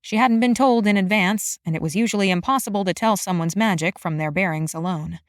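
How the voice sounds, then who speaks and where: A woman narrating a fantasy romance audiobook in an even, measured storytelling manner. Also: mid-range voice, no room sound, studio quality.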